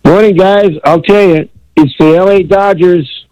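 A man's voice: sits high, steady tone, measured pace, darkish tone, no echo, poor audio. A man calling in to a sports radio show to give his opinion in an indignant tone. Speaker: caller. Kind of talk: call-in opinion.

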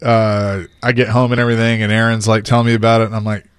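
A man's voice: lowish voice, flat delivery, fast talker, clean tone, dry recording, studio quality. A man co-hosting a sports radio show, easygoing and agreeable as he moves the segment along. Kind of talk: casual sports talk. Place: radio studio.

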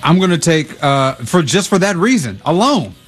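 A man's voice: on the high side, big pitch swings, normal speed, faint music behind. A man joining a sports radio show as a guest, giving his picks in an easygoing, agreeable way. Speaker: guest picking games. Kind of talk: casual sports radio chat.

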